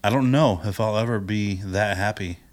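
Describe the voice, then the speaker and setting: A man co-hosting a podcast in relaxed chat, laughing easily. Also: fairly low pitch, normal speed. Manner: laid-back and chatty, laughs easily. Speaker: podcast co-host. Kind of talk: casual chat.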